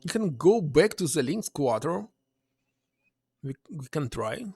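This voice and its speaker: Husky, lively non-native game streamer. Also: male voice, a little high, measured pace, no echo. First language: not English. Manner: hesitant, thinking aloud. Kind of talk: let's-play commentary, reading game text aloud.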